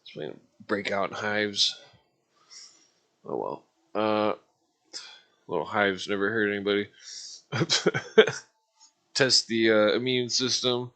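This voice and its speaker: Here a forties-aged streamer talks in a lowish, sharp-toned voice, going slowly and leaving long pauses. It's a loose livestream rant to his viewers, packed with swearing and frequent laughter at his own humor.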